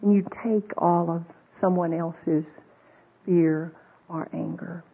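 A woman teaches a women's group in a relaxed, conversational way, asking her listeners question after question. Her voice is husky and a little breathy. The recording is thin and tinny, as if heard over a phone line. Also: on the low side, slow pace. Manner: conversational, asks the audience many questions; acts out quoted voices, with fillers and restarts. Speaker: Bible teacher.

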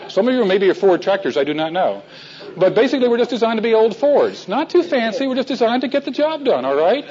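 A man's voice: high voice, warm tone, highs cut off. A man teaching a men's Bible class in a folksy storytelling way, asking his listeners questions.

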